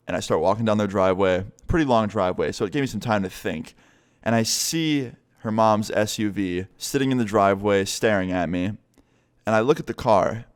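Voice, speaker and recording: In a casual, animated retelling, a young man tells his vlog audience a story, cursing freely and imitating what others said. His voice is lowish, clear, and resonant.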